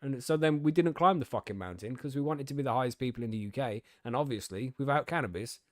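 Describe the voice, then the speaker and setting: A young podcast host from the UK, loose and loud-mouthed, swearing and laughing as he tells stories and reads the news. His voice sits at an ordinary male pitch, recorded dry and close with no room sound. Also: fast talker, no echo. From United Kingdom. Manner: swearing, laughing, gobby storytelling. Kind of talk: casual chat, reading news aloud.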